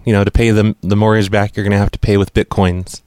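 A man hosting a prank call, stubbornly insisting on absurd terms with a deadpan manner. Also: fairly low pitch, quick pace, clear, resonant tone, dry recording. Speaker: prank caller host.

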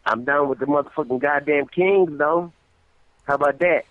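A man's voice: fairly high pitch, normal speed, dry recording. Enraged male phone call target, profane and threatening, tinny phone-line sound. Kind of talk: angry phone argument.

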